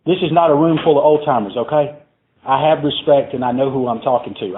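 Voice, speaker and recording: A man speaking at a recovery meeting, telling a story to a crowd in a profane, digressive, conversational way. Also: mid-range voice. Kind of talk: live storytelling talk to a crowd. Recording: tinny phone-like recording, faint hiss.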